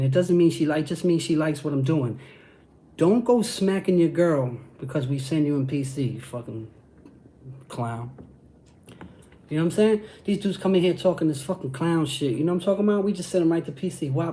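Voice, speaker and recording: A man's voice: fairly high pitch, warm tone. A man from Brooklyn with a New York accent, hosting a livestream and answering chat in hyped, profane street talk. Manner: hyped, profane street talk with constant "you know what I'm saying". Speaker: channel host.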